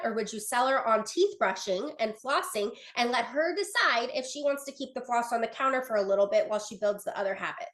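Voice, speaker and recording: A woman's voice: a little high, moderate pace. A young adult woman giving a casual sales training talk over a video call, chatty and earnest, with many fillers and restarts as she reads from her notes.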